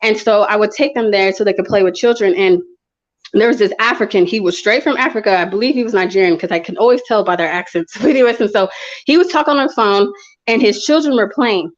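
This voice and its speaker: A woman's voice: medium pitch, fast. Woman in her 30s talking passionately, lots of restarts, kinda dull lo-fi sound. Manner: passionate, storytelling, frequent restarts. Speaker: guest speaker. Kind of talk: casual conversation. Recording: dull lo-fi audio.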